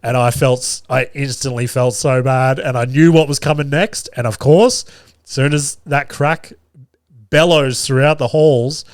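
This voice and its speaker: A man in his thirties tells a story from home, swearing freely and laughing as he goes. His voice sits at a middle pitch and sounds close and dry, with no room around it. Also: unhurried, no echo. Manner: animated, profane anecdote-telling with frequent laughter. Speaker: podcast host. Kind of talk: casual storytelling.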